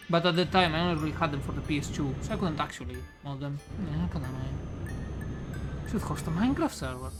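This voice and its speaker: Male streamer, worn out and low-energy, casual chat with frequent swearing, slightly higher voice. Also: quick pace, over music. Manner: flat, tired, often swearing. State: tired. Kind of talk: casual live-stream chat while playing.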